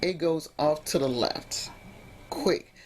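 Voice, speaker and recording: A woman's voice: deep voice, slow, a little hiss or hum. A woman vlogging about personal drama, emotional and rambling, often restarting her sentences. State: emotionally upset. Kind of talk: emotional storytime vlog.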